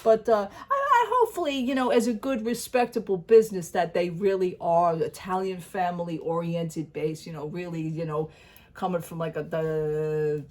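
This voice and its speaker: A woman's voice: on the low side, normal speed. A woman chatting casually to her channel, telling a long story and acting out both sides of a conversation. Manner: chatty storyteller, acts out dialogue, laughs often. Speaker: vlogger. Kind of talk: casual chat to camera.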